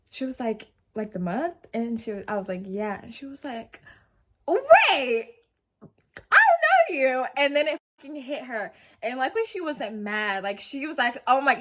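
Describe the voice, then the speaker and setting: A young woman in her twenties telling a story in a rambling, slangy, casual way, full of "like" and swearing. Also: on the high side. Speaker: vlogger. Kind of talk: casual story-time chat.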